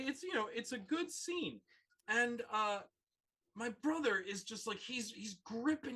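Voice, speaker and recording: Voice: medium pitch, fairly bright tone, husky, poor audio. A speaker in casual podcast chat, telling a story animatedly and using lots of "like" fillers.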